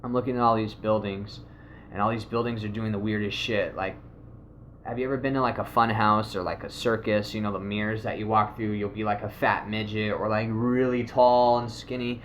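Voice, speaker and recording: A man casually telling a rambling, animated story, swearing often and acting out what people said. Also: fairly low pitch, fairly quick, a little hiss or hum. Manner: rambling, animated, swears a lot, acts out quotes. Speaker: video host.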